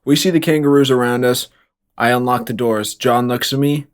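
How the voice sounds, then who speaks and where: A young man co-hosting a podcast, telling a silly story in a matter-of-fact, deadpan way. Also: medium pitch, normal speed. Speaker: podcast co-host. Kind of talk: casual comedic storytelling.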